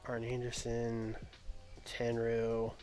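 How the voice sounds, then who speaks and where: A man's voice: medium pitch, completely flat delivery, slow pace, darkish tone. A man casually talking through a strategy game on a livestream, thinking aloud and addressing his chat. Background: faint background music.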